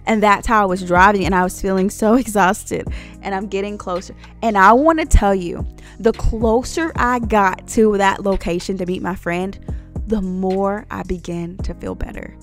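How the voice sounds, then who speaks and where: A woman's voice: medium pitch, moderate pace, faint music behind. A woman telling her own story to viewers in an earnest, preachy vlog, speaking to them directly. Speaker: Christian vlogger. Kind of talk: personal testimony vlog.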